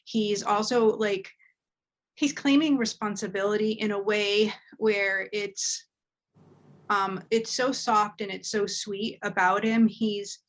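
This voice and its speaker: A woman's voice: medium pitch, steady tone, slow pace. Earnest woman giving a medium reading. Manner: emotional, earnest, relays messages from the dead. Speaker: medium and host. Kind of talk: live spiritual reading chat.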